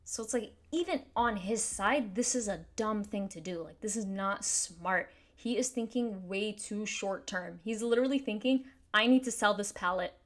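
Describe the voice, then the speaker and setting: A woman's voice: mid-range voice, moderate pace, few pauses. Earnest woman thinking aloud on camera. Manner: earnest, thinks aloud with many restarts and fillers. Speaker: commentary YouTuber. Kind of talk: casual spoken commentary.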